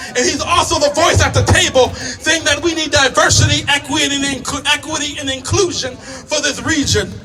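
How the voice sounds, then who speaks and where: A man's voice: extremely high pitch, normal speed, few pauses. A man emceeing an outdoor protest rally, working the crowd with questions and introducing the next speaker. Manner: energetic, crowd-engaging, asks raise-your-fist questions. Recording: distant mic with loud crowd and music.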